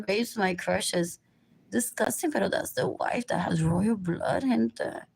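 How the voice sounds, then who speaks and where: A woman's voice: medium pitch, creaky, a little mellow. A woman rambling through a livestream monologue, drifting between topics and repeating herself.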